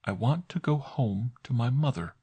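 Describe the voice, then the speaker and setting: A man voicing a frightened young woman in a storybook reading, keeping her voice steady with effort. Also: mid-range voice, moderate pace, breathy edge, pitched above the performer's own voice. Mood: strained calm. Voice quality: strained but steady.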